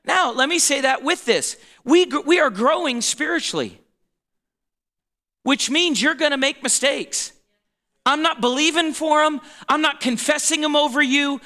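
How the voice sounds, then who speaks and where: A man's voice: very high voice, moderate pace, pushed and bright. A man in his forties preaching a conversational sermon to a congregation, often checking in with his listeners and laughing. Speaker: pastor.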